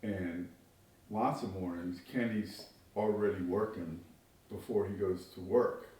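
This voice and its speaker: A man's voice: deep voice, fairly even intonation, unhurried, darkish tone. A man who works construction speaks casually in a documentary interview, rambling and correcting himself as he goes. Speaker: construction worker and Kenny's host parent. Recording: very echoey room, distant mic.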